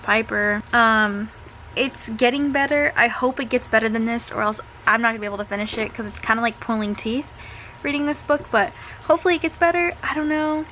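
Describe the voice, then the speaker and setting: A woman's voice: on the high side, brisk, sharp tone, a little hiss or hum. A young woman vlogging casually from bed at home, chatting with lots of filler words like "like" and "um". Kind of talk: casual chat to camera.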